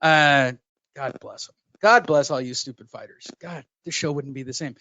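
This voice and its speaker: A man's voice: mid-range voice, moderate pace, bright, forceful tone, no echo, highs cut off. A man co-hosting a podcast in casual chat, joking and swearing as he tells stories. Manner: profane, joking storyteller. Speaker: podcast co-host.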